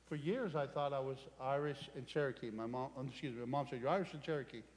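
A man's voice: mid-range voice, fairly quick. A man preaching and praying at a healing service, fervent and commanding, leading the crowd in call-and-response. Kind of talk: sermon and healing prayer. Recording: reverberant church hall with music. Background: live music.

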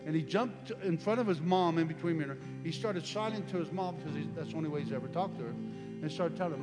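A man's voice: on the high side, lively intonation, brisk. A man preaching and praying at a healing service, fervent and commanding, leading the crowd in call-and-response. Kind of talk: sermon and healing prayer. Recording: reverberant church hall with music. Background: live music.

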